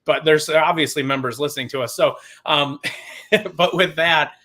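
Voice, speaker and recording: A man's voice: on the high side, normal speed, bright, forceful tone. A man on a podcast as a guest, talking in an impassioned, rambling and sarcastic way. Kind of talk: casual podcast chat.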